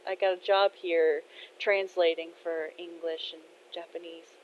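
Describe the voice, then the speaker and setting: A woman voicing a young woman new in town who talks softly, hesitantly and apologetically, told as a spoken fan story. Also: fairly low pitch, flat delivery, a little slow, a little hiss or hum, lightly acted. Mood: polite. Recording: dull lo-fi recording.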